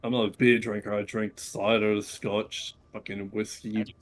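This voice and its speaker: A man's voice: on the low side, level tone, unhurried. A man chatting casually while gaming, blunt and full of swearing. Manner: blunt and heavily profane. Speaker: co-player. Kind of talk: casual chat while playing.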